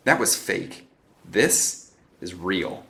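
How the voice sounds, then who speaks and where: A man's voice: low voice, animated, extremely slow, vocal fry, bright, forceful tone, full character voice. Man voicing Simon, an imperious teen leader. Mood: assured. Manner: commanding, self-assured. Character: bossy 18-year-old boy team leader, cool and imperious.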